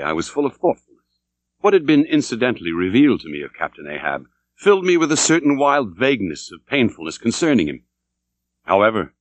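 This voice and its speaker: Man narrating with wide expressive swings. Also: on the low side, no echo. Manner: dramatic, expressive reading. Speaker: audiobook narrator. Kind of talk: scripted literary narration. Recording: dull dry recording.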